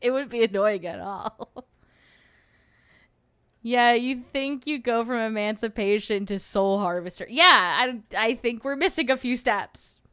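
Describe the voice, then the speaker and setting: A woman's voice: a little high, a little slow, fairly bright tone, clean tone, dry recording, studio quality. A young adult woman hosting a livestream, chatting casually and joking in rambling asides while reacting to a video. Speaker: host.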